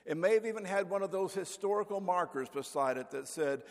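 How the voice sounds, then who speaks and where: An older man preaching a sermon as pastor, telling folksy stories and acting out the voices in them, with a gravelly voice. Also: high-pitched, animated, brisk, in a large hall. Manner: folksy storyteller, acts out voices. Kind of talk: sermon with anecdotes. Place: church sanctuary.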